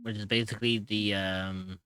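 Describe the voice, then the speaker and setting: A male streamer with a low but bright, forceful voice chats casually and laughs often. He drops the occasional curse. His voice comes through a dry, close mic. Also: level tone, moderate pace, smooth, no echo.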